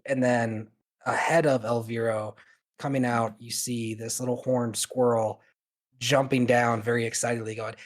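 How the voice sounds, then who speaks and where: A man's voice: mid-range voice, flat delivery, moderate pace. A man narrating a tabletop game as game master, in a loose style full of fillers.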